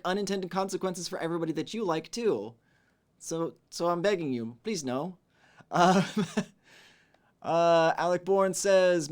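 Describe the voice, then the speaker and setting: A man with a slightly high voice hosts a casual stream, greeting people and reading their chat aloud. He keeps it relaxed and chatty, humming between messages.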